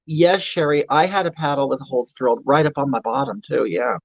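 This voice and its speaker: A livestream comedy host improvises a character: a crude, self-mocking, obese middle-aged woman who rambles, stammers, and responds to chat in a griping rant. The man's mid-range voice is a little fast and gravelly. There's no room sound, and the highs are cut off.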